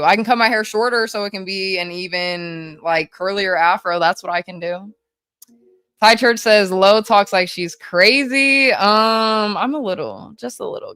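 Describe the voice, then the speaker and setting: A woman livestreaming, reading chat messages aloud in a hyper, rapid-fire, casual way with frequent swearing. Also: fairly low pitch, fairly bright tone, clean tone, no echo.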